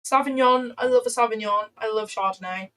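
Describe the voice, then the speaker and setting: A young woman, her voice sitting a touch high for a woman. She talks in loose, playful, rambling bursts as she answers her livestream chat. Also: brisk, a bit bright, poor audio. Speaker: trading livestreamer.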